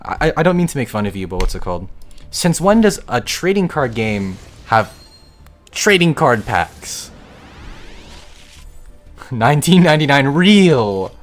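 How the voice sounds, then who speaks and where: A young man chatting on a live gaming stream, excitable and grumbling, swearing casually as he talks to his viewers. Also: mid-range voice, a little slow, pauses often, faint music behind. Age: young adult.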